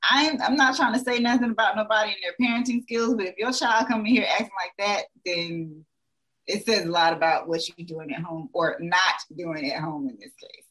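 A woman's voice: medium pitch, normal speed, a bit bright, poor audio. A young adult woman, a dentist, talking frankly in a casual podcast chat, full of "like" and "you know".

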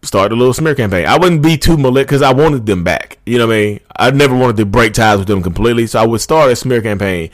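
A man's voice: medium pitch, fast, few pauses, dry recording, clean studio sound. A man in his thirties talking casually to his viewers, rambling and calling them "y'all", with passionate ranting bursts. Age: 30s. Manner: chatty and rambling, often addresses viewers as "y'all". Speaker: YouTube channel host. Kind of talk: casual talk to camera.

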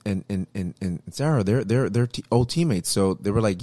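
Guy with a real low voice telling a story, acts out what people said, dry close sound. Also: measured pace, long pauses, no echo. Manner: animated storytelling, acts out quotes; repeats words, frequent fillers. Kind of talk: casual chat.

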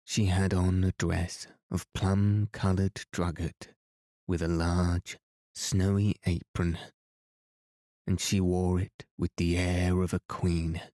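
A man narrating a classic novel as a calm sleep story podcast reading. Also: sits low, no echo, studio quality. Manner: slow, calm and even. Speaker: podcast host and reader.

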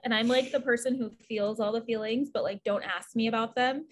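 A woman in casual chat, expressive and quick, acting out quotes dramatically. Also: a little high.

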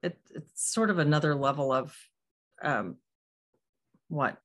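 A woman's voice: deep voice, lively intonation, a little slow, a bit bright. A woman hosting a casual group live stream over a video call, friendly and rephrasing her questions as she goes. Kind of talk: casual group chat moderating.

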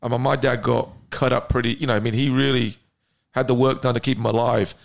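A man's voice: mid-range voice, steady tone, brisk, gravelly. A man from England with an English accent, a guest telling his story earnestly in a casual interview. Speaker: guest, entrepreneur.

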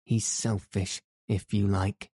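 A man's voice: on the low side, flat delivery, slow, mellow, husky, no room sound, clean studio sound. A man voicing a sickly, spoiled, petulant young boy who whines and sulks. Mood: sulky.

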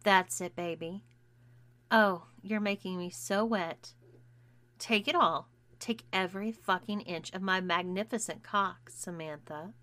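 Woman doing commanding young woman, coaxing, bright tone, unhurried. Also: fairly low pitch. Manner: coaxing, domineering.

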